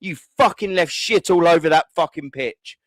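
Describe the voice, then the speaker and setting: A man's voice: a little high, moderate pace, fairly bright tone, no echo. A man, hosting a fan call-in show and ranting furiously, swearing and repeating himself. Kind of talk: angry fan rant.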